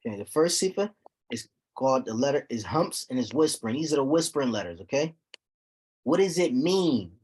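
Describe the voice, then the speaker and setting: A man teaching a recitation class, explaining terms slowly and checking on his students with repeated "okay?". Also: medium pitch, big pitch swings, a little mellow, husky. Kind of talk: classroom lesson.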